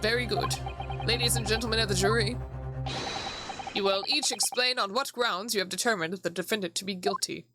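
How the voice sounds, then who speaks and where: A woman voicing a stern elderly judge, speaking in a formal, measured way over background music. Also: mid-range voice, pushed and bright. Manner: formal, measured courtroom speech.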